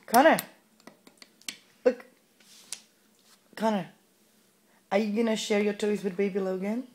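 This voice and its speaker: A woman's voice: mid-range voice, fairly even intonation, a little slow, a little mellow, a little hiss or hum. A pregnant mother filming at home, coaxing her toddler with sing-song, encouraging questions.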